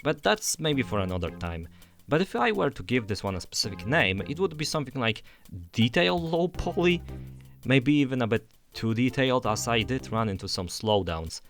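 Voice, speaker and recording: A man's voice: on the low side, a bit bright. A young man narrating a scripted game review voice-over in an enthusiastic, conversational way.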